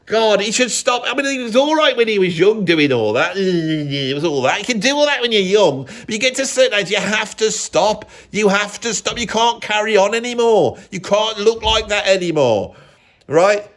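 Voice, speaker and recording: A middle-aged British man with a fairly high voice, ranting about what annoys him. He is blunt and sarcastic, and he rambles from one jab to the next. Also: lively intonation, moderate pace, fairly bright tone. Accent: British English. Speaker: musician and vlogger. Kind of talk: opinionated rant.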